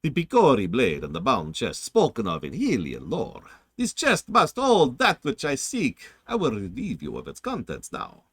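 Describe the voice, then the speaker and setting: A man voicing a haughty, sinister male sorcerer villain in a slow, gloating, theatrical vampire-like voice. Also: mid-range voice, huge pitch swings, husky, no echo, pitched above the performer's own voice.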